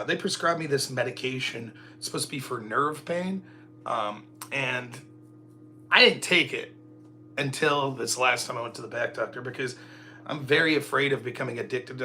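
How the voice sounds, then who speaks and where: A man's voice: medium pitch, bright, forceful tone, slight background noise. A middle-aged man hosting a casual solo livestream, rambling and joking at his own expense. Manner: joking, rambling, self-mocking. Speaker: livestream host.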